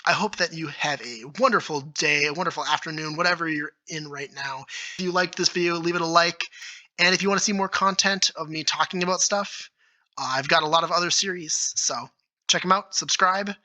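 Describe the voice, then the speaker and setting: Man, video creator, bright tone, somewhat high pitch, enthusiastic solo commentary, thinking aloud. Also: fairly quick, poor audio. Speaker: YouTube creator. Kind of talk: solo commentary on game rules.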